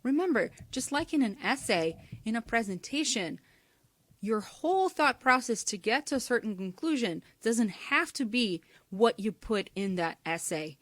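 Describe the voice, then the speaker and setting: A woman giving an instructional talk on speaking skills in a clear, measured way, sometimes demonstrating intonation. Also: on the high side, sing-song, fairly bright tone, no echo. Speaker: teacher.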